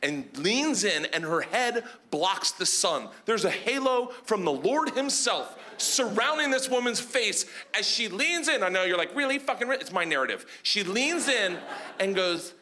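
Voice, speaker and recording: A middle-aged man telling a stand-up story on a comedy stage, loud and excitable, shouting punchlines and acting out characters. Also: sits high, a little slow, few pauses. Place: comedy stage before a laughing audience. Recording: live show with clear audience noise.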